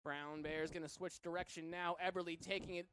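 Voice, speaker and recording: Excitable high-voiced male rugby commentator. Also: brisk, a little hiss or hum. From Massachusetts, US. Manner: excitable, rises sharply with big plays. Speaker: play-by-play commentator.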